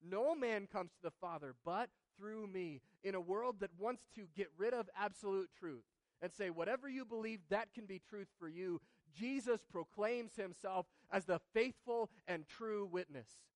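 A pastor in his thirties preaching a sermon, swinging between loud emphatic proclaiming and soft hushed asides. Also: high voice, normal speed, few pauses, no echo.

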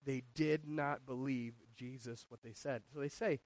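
A man preaching a sermon, moving between loud and hushed delivery and asking the congregation questions. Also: medium pitch, normal speed, few pauses, no room sound. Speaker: pastor.

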